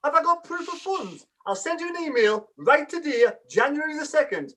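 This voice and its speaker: A man's voice: very high voice, big pitch swings, pushed and bright, a little hiss or hum, pitched above the performer's own voice, heavily acted. A man mockingly playing a pompous male club owner making a phone call, in a near-normal voice. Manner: mocking, brisk.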